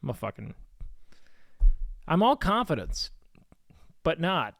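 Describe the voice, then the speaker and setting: A man's voice: a little high, sing-song, slow, gravelly, long pauses, a bit bright, no room sound. Rambling, cursing young male streamer. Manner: rambling, swears a lot, many fillers. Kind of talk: casual stream chat.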